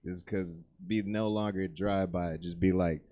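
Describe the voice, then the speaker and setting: Low-voiced man doing laid-back stand-up. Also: steady tone, normal speed, mellow. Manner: laid-back, rambling with many "uh"s. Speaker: comedian. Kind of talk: stand-up comedy.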